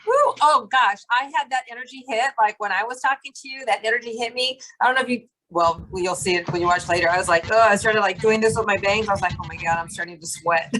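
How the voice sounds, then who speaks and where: A woman's voice: mid-range voice, fast, a bit bright. A bubbly, chatty woman in a channeling group, talking casually and speaking flowing light language on a video call.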